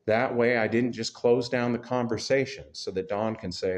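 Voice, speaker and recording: A man preaching a sermon to his church congregation, talking in a relaxed, conversational way with self-deprecating humor. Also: medium pitch, normal speed, few pauses. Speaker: pastor.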